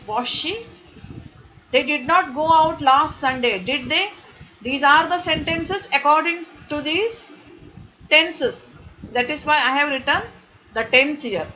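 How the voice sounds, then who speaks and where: A woman with an Indian English accent teaching a grammar lesson, explaining slowly and patiently and checking that students understand. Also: sits high, pushed and bright. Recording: dull lo-fi with faint noise.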